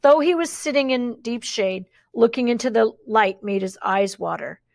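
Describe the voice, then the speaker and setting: A woman narrating a children's novel in a gentle, measured way. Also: fairly high pitch, creaky, dry recording. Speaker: audiobook narrator. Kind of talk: audiobook narration.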